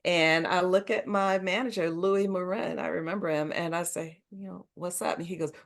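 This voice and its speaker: Expressive woman telling stories in a low voice. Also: moderate pace, gravelly. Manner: animated, emphatic storyteller who laughs often. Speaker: guest. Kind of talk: conversational interview storytelling.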